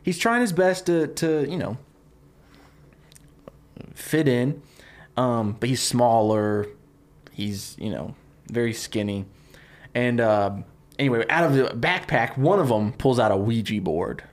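A man co-hosting a podcast, casually pitching a movie idea, rambling with many fillers and laughing easily. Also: a little slow, long pauses. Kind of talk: casual chat.

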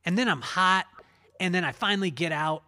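Higher-voiced man hosting a podcast. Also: a little fast, pushed and bright. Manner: self-deprecating, rambling with restarts. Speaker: podcast host. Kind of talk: casual storytelling interview.

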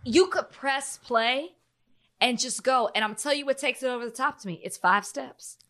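A woman's voice: high voice, normal speed, a bit bright. A woman co-hosting a podcast in casual chat, emphatic and insistent, stretching out her words. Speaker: podcast co-host.

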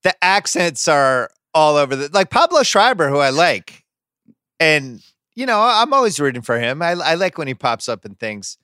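A man hosting a podcast, riffing in casual pop-culture chat with opinionated, animated asides, close to the microphone. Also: on the high side, moderate pace, clear, resonant tone, dry recording. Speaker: podcast host.

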